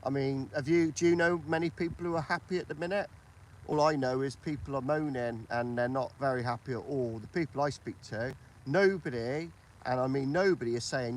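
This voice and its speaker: Hosting a livestream, a British man talks politics casually in British English, going over the same points and seeking agreement from others. His voice is mid-range and his pace moderate.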